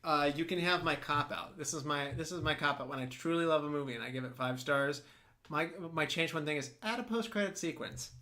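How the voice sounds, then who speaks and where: A man with a slightly high, brisk, pushed and bright voice co-hosts a movie podcast. He chats casually and enthusiastically, rambling along with lots of "like" fillers.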